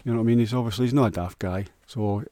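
A man's voice: fairly low pitch, rapid-fire, mellow, no room sound. A man with a Scottish accent rambling crudely through a jokey solo monologue, often restarting and stumbling over words.

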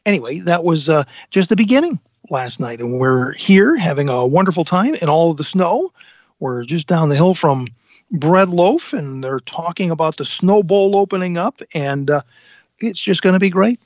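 Animated and fairly high-pitched, a man chats at a moderate pace while hosting a radio talk show live from an inn's dining room. His talk is casual and eager, full of fillers, and the sound is dry and muffled.

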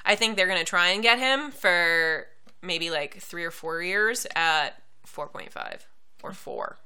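A young woman co-hosting a relaxed chat, her voice very bright and crisp. She talks in quick bursts, with easy asides and frequent laughter. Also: fairly low pitch. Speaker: podcast co-host. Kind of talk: casual chat.

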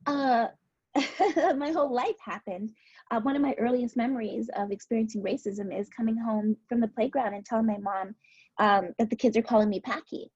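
A woman's voice: a little high, moderate pace, darkish tone, slightly rough, dry recording, lo-fi sound. A woman guest speaking candidly and reflectively about painful memories in a personal conversation, tearful at times. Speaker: podcast guest.

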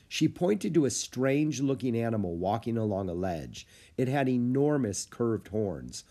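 A man narrating a children's book with lively storytelling. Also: mid-range voice, normal speed, hardly any pauses. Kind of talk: audiobook reading of a children's book.

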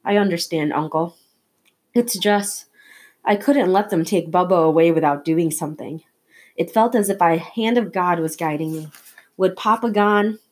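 A woman's voice: on the low side, normal speed, darkish tone, lightly acted. A woman voicing a frightened but determined young boy in a read-aloud novel, with a slightly raised, pleading voice. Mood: earnest.

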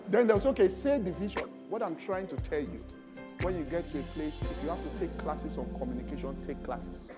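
A man preaching a sermon, animated and laughing, rising to loud, emphatic bursts. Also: a little high, normal speed, music in the background.

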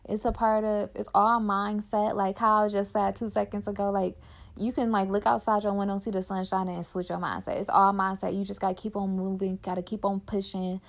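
A woman's voice: medium pitch, level tone, fairly quick, creaky. A young woman podcaster talking candidly and heartfelt in casual personal reflection, filling her talk with "like". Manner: candid and heartfelt, heavy use of "like".

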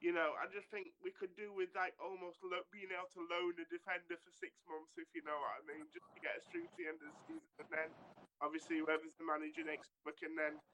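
Very bright-voiced man arguing football. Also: high-pitched, animated, quick pace, poor audio. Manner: long, reasoned explanations with frequent "you know". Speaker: podcast panelist. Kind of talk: casual football discussion.

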